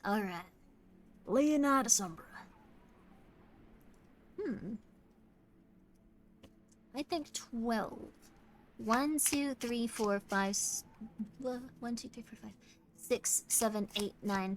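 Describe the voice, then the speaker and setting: A tired woman streamer chatting casually while doing tarot readings, talking in quick self-interrupting bursts and apologizing often. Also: on the high side, a bit bright. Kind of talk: casual live-stream chat.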